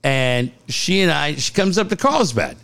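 A man co-hosting a casual podcast chat, his voice sitting a bit high and swinging widely in pitch. He tells stories animatedly, laughs often and swears freely. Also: sing-song, unhurried, gravelly, a bit bright. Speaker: co-host.

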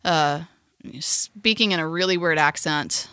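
A woman co-hosts a casual movie podcast in a brash, playful way. Her voice is bright and forceful. It sounds dry and close-miked. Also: sits low, unhurried, clean tone, no room sound. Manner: brash, playful, sings snippets. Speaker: podcast co-host.

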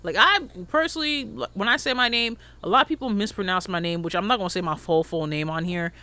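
A man chatting casually as a podcast co-host, animated and emphatic, with a slangy, ranting manner. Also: high voice, fast talker, smooth. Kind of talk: casual chat.

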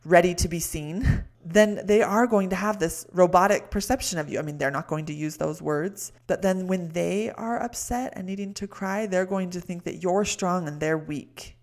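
A woman talking alone as a life coach, explaining ideas calmly and addressing the listener directly. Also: on the low side, creaky. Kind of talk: solo podcast teaching.

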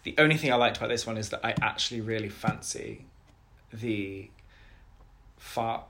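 A man co-hosting a casual podcast chat, playful and gossipy and quick to giggle. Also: fairly low pitch, bright, forceful tone. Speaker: podcast co-host.

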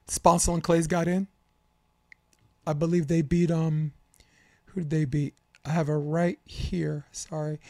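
A man's voice: a little high, darkish tone, no echo, clean studio sound. Opinionated man hosting a sports podcast. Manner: opinionated, candid, rambling with fillers. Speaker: podcast host, volleyball coach and commentator. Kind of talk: casual sports debate podcast talk.

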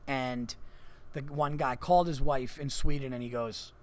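In a comedy club, a podcast host tells a long, rambling story in relaxed conversation, cursing a lot and leaning on "like" as filler. His voice is medium-pitched, steady in tone, and moderately paced.

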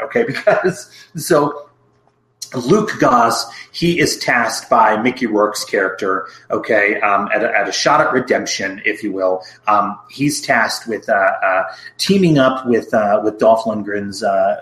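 Chatty man reviewing a film, echoey room. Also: mid-range voice. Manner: animated, recaps plots with frequent restarts. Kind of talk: casual film review chat.

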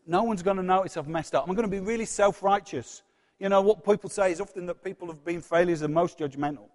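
A man preaching a sermon in a church, earnest and personal, dropping from loud passages to hushed ones. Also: high-pitched, big-room sound.

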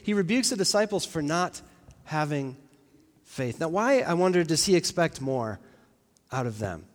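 A man's voice: fairly high pitch, big pitch swings, normal speed, in a large hall. A man preaching a sermon in a conversational, reflective way, with fillers and restarts, in a church.

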